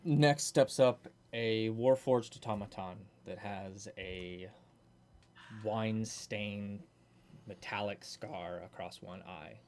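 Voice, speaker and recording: Brief: man, low voice, measured scene narration for a tabletop game. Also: darkish tone.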